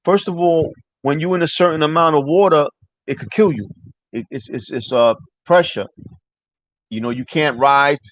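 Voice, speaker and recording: A man's voice: fairly high pitch, moderate pace, no echo. A man hosting a casual livestream chat, rambling loosely and swearing often while answering viewers. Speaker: livestream host. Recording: dry, dull lo-fi mic.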